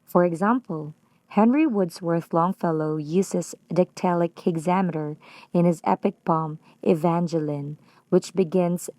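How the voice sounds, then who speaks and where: Woman, Filipino accent, slow deliberate reading, mellow lowish voice, dry close sound. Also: dry recording. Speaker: student presenter. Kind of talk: reading a prepared lesson.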